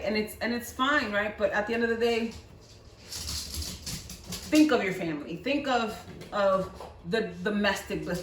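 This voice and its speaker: A woman's voice: fairly low pitch, a little hiss or hum. Chatty woman giving a tarot reading. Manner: chatty, repeats words, coaxing with "right?". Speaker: tarot reader. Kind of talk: pick-a-card tarot reading. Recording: echoey room, mic at a distance.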